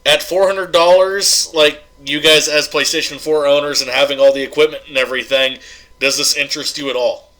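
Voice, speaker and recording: A man's voice: fairly high pitch, steady tone, a little fast, fairly bright tone, low-quality recording. A male host chatting casually on a podcast, talking loosely with lots of fillers and laughing often. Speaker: show host.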